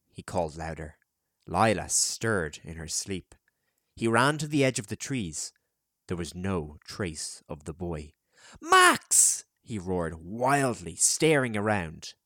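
Slow, lively-voiced male audiobook narrator. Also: deep voice, no echo, clean studio sound. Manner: measured, expressive storytelling. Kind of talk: scripted narration.

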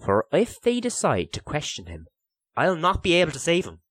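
A man's voice: on the high side, wildly swooping pitch, normal speed, a bit bright, dry recording, clean studio sound, pitched above the performer's own voice, heavily acted. A man voicing a kindly, patient older official with a lilt, earnest and sorrowful as he pleads. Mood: stern. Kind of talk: audiobook character voice.

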